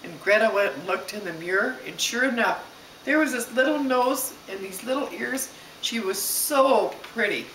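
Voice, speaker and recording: A woman telling a story aloud to a child, expressive and stopping to ask the listener questions. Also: on the high side, normal speed, a little hiss or hum. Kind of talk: bedtime-style story told aloud. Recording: echoey room, distant mic.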